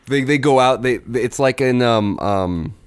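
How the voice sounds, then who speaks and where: A man's voice: mid-range voice, unhurried, smooth, dry recording. A man co-hosting a podcast, chatting casually and joking, laughing often. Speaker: podcast co-host. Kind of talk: casual comedic chat.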